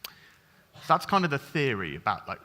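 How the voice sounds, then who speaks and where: A man giving a conference tech talk, casual and quick, with lots of ums and restarts. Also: medium pitch, very animated, pushed and bright. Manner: fast, chatty, full of ums and restarts. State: over-caffeinated. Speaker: conference speaker. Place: conference stage.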